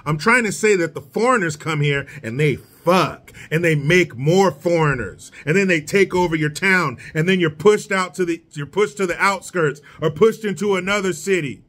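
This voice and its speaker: Sarcastic high-voiced male ranter. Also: moderate pace, hardly any pauses, a bit bright. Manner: sarcastic, mocking, blunt. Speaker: political commentator. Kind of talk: solo rant commentary.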